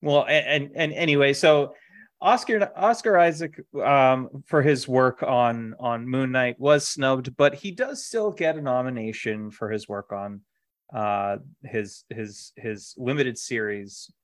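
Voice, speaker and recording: A man's voice: mid-range voice, unhurried. A man co-hosting a casual podcast, rambling with lots of fillers and restarts. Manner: acted on stage. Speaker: podcast co-host. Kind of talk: casual chat.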